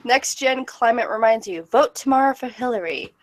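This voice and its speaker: A woman's voice: on the high side, lively intonation, moderate pace. A woman co-hosting a casual online stream chat, giggly and teasing. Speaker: stream co-host.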